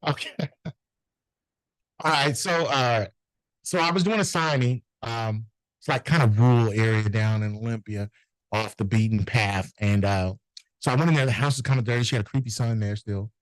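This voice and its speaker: A middle-aged man, a notary business owner, telling animated, profane anecdotes in a casual interview and acting out the people in them. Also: mid-range voice, moderate pace, no room sound, rough recording.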